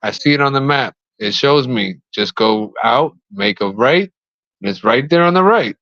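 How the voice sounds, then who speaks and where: A man co-hosting a casual podcast who tells long, rambling stories and swears freely. His pitch is ordinary. The sound is a little dull and dry, as if from a modest home mic. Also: lively intonation, normal speed, fairly bright tone, dry recording. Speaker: co-host.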